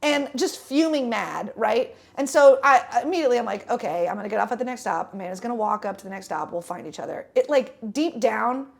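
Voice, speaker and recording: A woman's voice: on the high side, lively intonation, fairly quick, creaky, hardly any pauses. A young woman telling a rambling travel story on a casual podcast, with lots of fillers and restarts. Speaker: podcast co-host.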